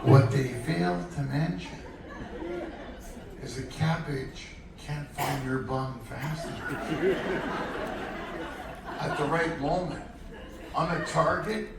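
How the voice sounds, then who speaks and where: A high-pitched man doing stand-up, loud and animated, shouting his punchlines. He is heard from across a big, booming theater, with a laughing crowd and a steady hiss behind him. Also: takes it slowly, gravelly, pauses often. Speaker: stand-up comedian. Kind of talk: stand-up comedy routine. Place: large theater on a cruise ship. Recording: echoey theater from far off with crowd noise. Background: audience laughter.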